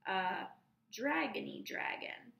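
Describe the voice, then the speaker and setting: A woman reading aloud voices an earnest young boy who speaks in halting, broken English and struggles to find his words. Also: on the high side, expressive, vocal fry, a bit bright, reverberant, exaggerated voice, poor audio.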